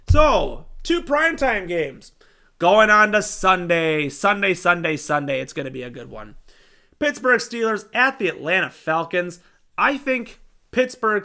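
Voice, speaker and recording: A young man hosting a sports show, giving casual game predictions in an excitable, animated way. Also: a little high. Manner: excitable, animated fan talk.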